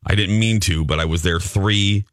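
Radio host, male, very low voice, dry close studio mic, rambling self-deprecating storyteller. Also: normal speed, fairly bright tone, dry recording. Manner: chatty storyteller, self-mocking. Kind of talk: casual morning radio chat.

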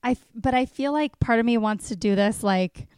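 A laid-back young woman chatting as a podcast guest, swearing casually and laughing a lot. Her voice sits a bit high and sounds smooth, clear and dry. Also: normal speed, a little mellow, no room sound. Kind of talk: casual chat.

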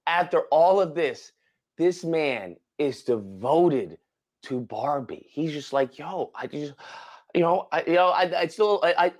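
A man co-hosting a podcast, retelling a movie plot in casual chat with animated, dramatic exclamations. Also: on the high side, a little slow. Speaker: podcast co-host.

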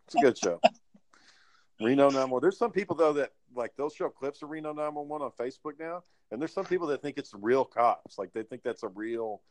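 A man's voice: mid-range voice, expressive, brisk, no echo, rough recording. Male podcast host, casual, rambles and swears through his stories. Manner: rambling, profane storytelling. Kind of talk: casual storytelling chat.

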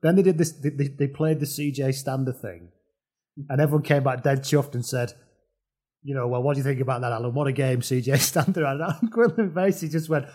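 A man spins wry rugby anecdotes in a relaxed podcast chat. His voice sits at a middle pitch and he often laughs at his own jokes. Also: brisk. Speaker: podcast co-host. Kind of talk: casual chat.

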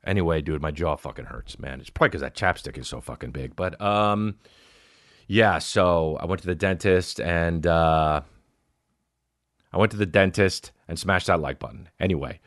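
A man hosting a podcast, rambling in a profane casual monologue and jumping into loud, high-pitched outbursts. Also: moderate pace, no echo, studio quality. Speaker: podcast host.

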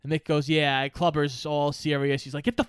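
Male co-host, casual podcast chat, animated storyteller, acts out quotes, sweary, smooth clear voice, dry close sound. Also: fairly high pitch, moderate pace, no room sound.

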